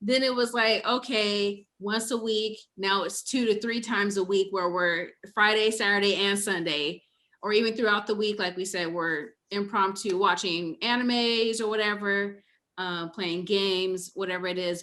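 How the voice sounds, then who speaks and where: A woman's voice: mid-range voice, pushed and bright. A woman co-hosting a podcast, talking casually and earnestly and laughing easily. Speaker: podcast co-host. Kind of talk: casual chat.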